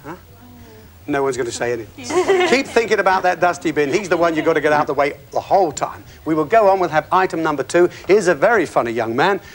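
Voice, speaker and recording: A man's voice: on the high side, sing-song, quick pace, a crowd in the background. A man hosting a game show, introducing guests with breezy, chatty banter full of compliments. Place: television studio. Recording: TV studio with audience noise. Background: studio audience.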